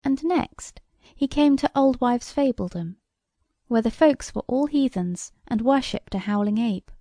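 A woman reads a storybook aloud in a measured, wry manner. Her voice is gravelly and mellow, and the recording is dry and close. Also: on the high side, lively intonation, no room sound. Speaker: audiobook reader. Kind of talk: storybook narration.

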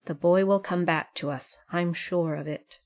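A woman reads as a gentle, motherly wife from a storybook, soft and pleading in tone. Her voice is fairly low and quiet. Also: steady tone, moderate pace, natural voice. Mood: tender.

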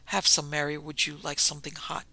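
A man's voice: on the high side, monotone, fairly quick, creaky, bright, forceful tone, no echo, heavily acted. A man voicing a brusque, hard-drinking rich husband who talks in abrupt, commanding bursts.

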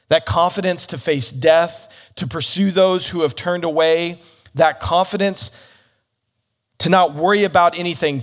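A man teaching the Bible as a sermon, telling a story earnestly with slips and restarts. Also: fairly high pitch.

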